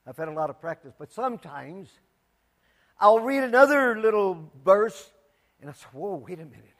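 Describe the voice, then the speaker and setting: This pastor's voice sits high and has a sing-song quality, moving at a moderate pace. His sermon is emphatic, veering between loud proclamations and hushed asides, with words repeated for emphasis.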